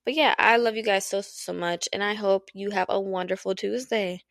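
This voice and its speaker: A woman's voice: mid-range voice, steady tone, moderate pace, vocal fry, fairly bright tone, no room sound, studio quality. A woman hosting a casual solo podcast from her apartment, talking frankly, swearing freely and laughing often. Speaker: podcast host. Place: at home in an apartment.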